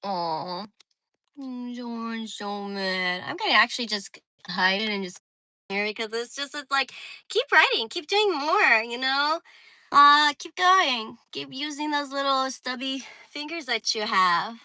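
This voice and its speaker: A young woman with a squeaky voice chatting casually on a phone livestream, saying "like" often. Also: lively intonation, measured pace, sharp tone, no room sound, rough recording. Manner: chatty, heavy use of "like", reads viewer comments.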